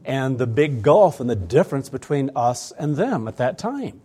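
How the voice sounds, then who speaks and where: A man's voice: medium pitch, very animated, normal speed, mellow, breathy edge. A man preaching a sermon to his church, earnest and emphatic, often repeating phrases for weight. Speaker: pastor.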